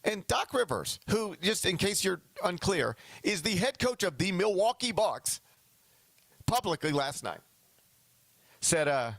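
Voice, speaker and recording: A man's voice: high-pitched, sing-song, a little slow, creaky, a bit bright, dry recording. A man hosting a sports talk show, talking casually and animatedly, often slipping into mock quotes of other people.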